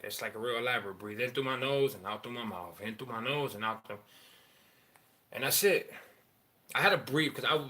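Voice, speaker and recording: A man in a candid personal monologue, rambling and profane, halting often with fillers as he talks about his feelings. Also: medium pitch, sharp tone. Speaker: father sharing personal story.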